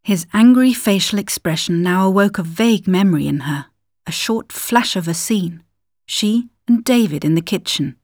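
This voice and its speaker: Woman narrator, scripted story reading, calm, occasional whispers, dry close mic. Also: medium pitch, normal speed, dry recording.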